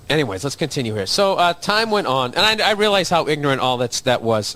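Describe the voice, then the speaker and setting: A man's voice: on the high side, sing-song, fast, few pauses, fairly bright tone. A man doing a crude, swaggering comedic rant as a solo podcast host, swearing freely and laughing at his own jokes.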